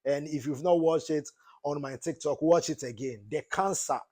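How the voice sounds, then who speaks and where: A high-voiced man with a Ghanaian accent lectures passionately in a casual monologue. He gets preachy and mixes Twi words into his English. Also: normal speed, dark tone. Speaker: political commentator.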